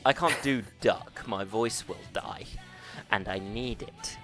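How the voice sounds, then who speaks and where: A man's voice: on the low side, takes it slowly, fairly bright tone, faint music behind. A man streaming a video game, joking and swearing in playful, exaggerated banter. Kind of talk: casual gaming stream banter.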